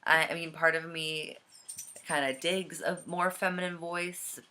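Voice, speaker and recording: A young man vlogging casually from home, with a slightly scratchy, gravelly voice and a hesitant way of talking full of ums. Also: on the high side, little pitch movement, measured pace, sharp tone. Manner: hesitant, many ums and trailing thoughts. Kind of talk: casual vlog chat. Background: dog and cat noises.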